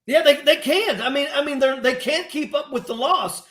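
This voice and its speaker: A man's voice: very high voice, moderate pace, a bit bright. A man co-hosting a casual political chat, talking earnestly and hesitantly and repeating his phrases. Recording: roomy echo.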